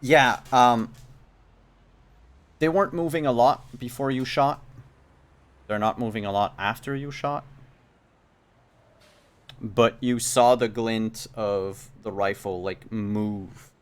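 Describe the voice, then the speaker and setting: A man narrating as game master of a tabletop game, measured and thinking aloud with frequent ums. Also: medium pitch, steady tone.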